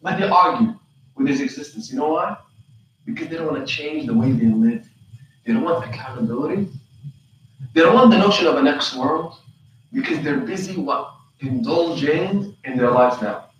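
A man's voice: a little high, lively intonation, moderate pace, a little hiss or hum. A man, an imam, giving a lecture on the Qur'an, firing rhetorical questions at the audience and acting out the voices he quotes. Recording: very echoey room, mic far off.

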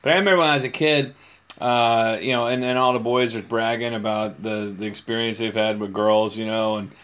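A man's voice: lowish voice, fairly even intonation, brisk, fairly bright tone, clean tone. A male podcast host in casual chat, rambling and often restarting his sentences. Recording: slightly dull lo-fi.

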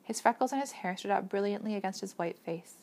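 A woman narrating a novel aloud as an audiobook, steady and measured in her storytelling. Her voice sits at a middling pitch and carries the scene calmly. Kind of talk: scripted narration.

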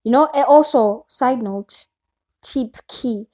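A woman's voice: fairly high pitch, takes it slowly, mellow. A young woman talking casually to her camera at home, rambling on with lots of fillers. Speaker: vlogger.

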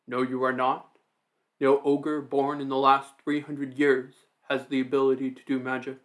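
A man's voice: medium pitch, level tone, moderate pace, a bit bright, lightly acted. A man voicing an eager, earnest ogre man in a storybook reading.

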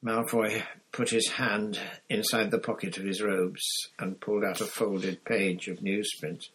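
A man narrating a story in a measured storytelling manner, voicing each character. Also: fairly low pitch, little pitch movement, a bit bright, breathy edge, poor audio. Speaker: audiobook narrator. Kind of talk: scripted narration.

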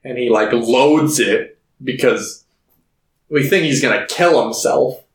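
A man's voice: medium pitch, slow pace, reverberant, poor audio. A young man co-hosting a podcast, casually recapping a film scene by scene and acting out the characters' lines. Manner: retells scenes, acting out quotes. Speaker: podcast co-host.

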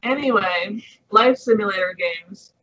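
A man co-hosting a podcast in casual chat, measured and explanatory, steering the talk back on topic. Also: sits high, sharp tone, lo-fi sound. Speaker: podcast co-host.

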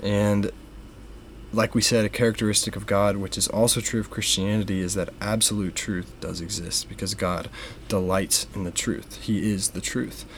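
A young man with a fairly low voice co-hosts a casual faith podcast. He explains things slowly and carefully and leans on frequent ums. A faint hiss sits behind the voice. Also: steady tone. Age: young adult. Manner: measured, with many fillers. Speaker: podcast co-host.

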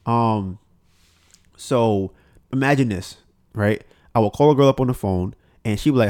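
This is a man talking on his own podcast, rambling loosely with plenty of fillers and restarts. His pitch sits in an everyday middle range. He swears freely and slips into quoted voices to act out phone calls. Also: normal speed, pauses often, darkish tone. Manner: profane, uses many fillers and restarts. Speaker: podcast host. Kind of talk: solo podcast monologue.

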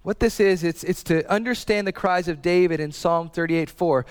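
Earnest, fairly high-voiced male preacher. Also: moderate pace, few pauses, clean tone, in a large hall. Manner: earnest, conversational, repeats phrases for emphasis. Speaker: pastor. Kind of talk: sermon.

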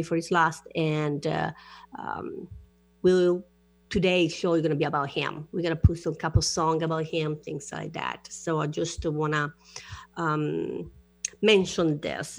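Radio host lady, lowish voice, stops and starts a lot. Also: no echo. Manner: warm halting speech with fillers. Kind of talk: casual radio chat.

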